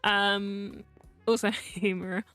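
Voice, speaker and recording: Woman streamer, unhurried casual storyteller, laughs a lot, dry close mic with soft background music. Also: mid-range voice, level tone, clear, resonant tone. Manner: chatty, laughing often, lots of fillers and swearing. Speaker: vtuber streamer.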